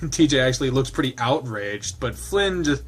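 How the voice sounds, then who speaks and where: A man's voice: medium pitch, expressive, normal speed, slightly rough. A man with a mid-range voice narrates a visual novel aloud. He breaks off into loose, chatty commentary, laughs along at the jokes and swears in his asides.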